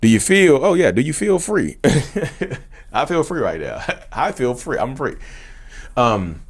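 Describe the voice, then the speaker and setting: A man at a middle pitch hosts his own mental health channel, speaking straight to the viewer. He repeats his questions, often says "y'all," and slows right down when he asks them. His delivery swings between calm and lively. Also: slightly rough. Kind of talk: direct-to-camera talk.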